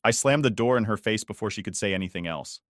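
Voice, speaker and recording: Low-voiced man narrating a story. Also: fast, no room sound, studio quality. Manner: weary, resentful. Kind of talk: first-person story narration.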